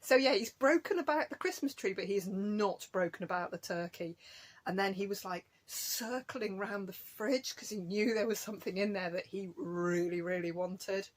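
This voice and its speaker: A woman's voice: mid-range voice, moderate pace. A woman chatting casually to camera in a home craft vlog, rambling from topic to topic and laughing often. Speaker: craft vlogger.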